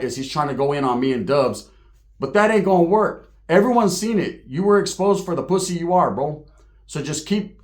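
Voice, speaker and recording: A man hosting his online show, ranting straight at the camera in profane, slangy street talk. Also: on the high side. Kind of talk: heated direct-to-camera rant.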